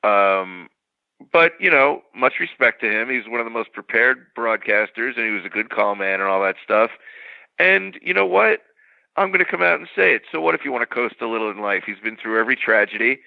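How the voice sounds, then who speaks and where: Gravelly man giving his take. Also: mid-range voice, lively intonation, no echo, narrow, tinny audio. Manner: measured, opinionated commentary. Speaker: podcast co-host. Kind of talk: casual chat.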